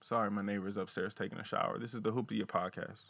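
A man's voice: lowish voice, fairly even intonation, fast talker, fairly bright tone, no room sound. A man hosting a solo podcast from a small closet studio, talking casually in rambling, profane slang. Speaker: podcast host.

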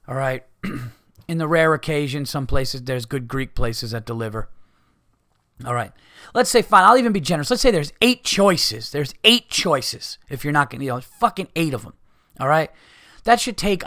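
A man's voice: mid-range voice, fairly bright tone, no echo. Podcast host, man in his thirties, exasperated profane rant, dry close sound. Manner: heated, profane, exasperated ranting. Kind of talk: ranting casual monologue.

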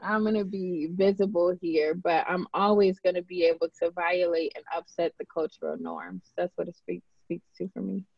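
A woman's voice: lowish voice, steady tone, moderate pace, creaky, hardly any pauses, dry recording. A woman who is a poet and a podcast guest, chatting casually and playfully, laughing often. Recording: dry, slightly dull recording.

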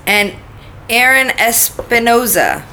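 A woman's voice: on the high side, sing-song, takes it slowly, sharp tone, slight background noise. A woman co-hosting a podcast in a casual chat, giggly and self-deprecating as she reads out thanks. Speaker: podcast co-host.

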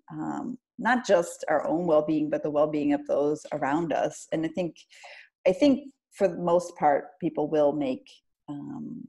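A woman's voice: low-pitched, darkish tone. A woman speaking as a podcast guest, thoughtful and hesitant, often restarting her sentences. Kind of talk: casual conversation.

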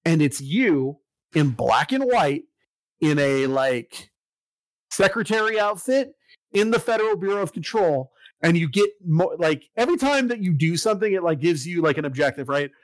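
An excitable man in casual chat, walking through a video game story with plenty of filler words and the odd curse. His voice sits a bit high for a man and sounds close and dry, with no room around it. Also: moderate pace, no room sound, rough recording. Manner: excitable, swears, lots of fillers. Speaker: podcast co-host recapping a video game.

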